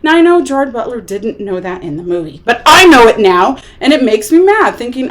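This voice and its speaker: Animated woman ranting about a movie. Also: high voice, moderate pace. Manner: animated, exasperated, acts out quotes. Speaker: movie reviewer. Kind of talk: casual movie rant.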